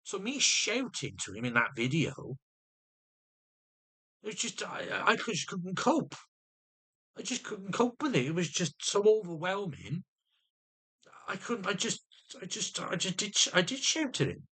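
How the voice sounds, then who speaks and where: A man's voice: high voice, big pitch swings, unhurried, long pauses, pushed and bright, breathy edge. A man venting to camera in an agitated monologue, often restarting and repeating his words. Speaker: vlogger.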